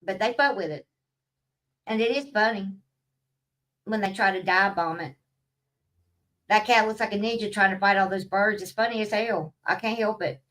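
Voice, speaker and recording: A woman's voice: mid-range voice, moderate pace, pauses often, fairly bright tone, recorded from a distance, poor audio. A woman, talking in a blunt, profane, casual vlog rant and laughing at her own stories. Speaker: vlogger. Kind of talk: casual ranting monologue.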